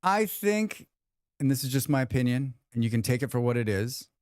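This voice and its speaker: A man's voice: mid-range voice, expressive, a little fast, darkish tone, no echo, clean studio sound. A man hosting a livestream, chatting casually with viewers in a rambling, joking way with lots of restarts. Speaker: livestream host. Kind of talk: casual chat reading viewer comments.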